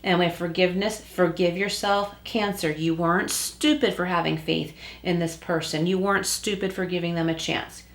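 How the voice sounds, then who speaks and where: A woman's voice: fairly low pitch, steady tone, normal speed, few pauses, roomy sound. A woman giving a tarot reading at home and speaking straight to the listener in a reassuring way. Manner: reassuring, addresses the listener directly. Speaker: tarot reader. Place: room at home with a closed door.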